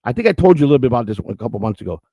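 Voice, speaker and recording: A gravelly man from the Chicago area tells a story at a fast clip in profane, rambling street talk. His voice sits a little high and sounds dry and close. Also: very animated, mellow, dry recording. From Chicago area, USA. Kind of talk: casual storytelling.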